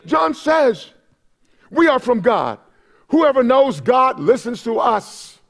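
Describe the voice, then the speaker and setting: A man preaching a sermon as pastor of a church, impassioned, with shouted peaks and repeated words. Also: very high voice, big pitch swings, slow, vocal fry. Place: church sanctuary.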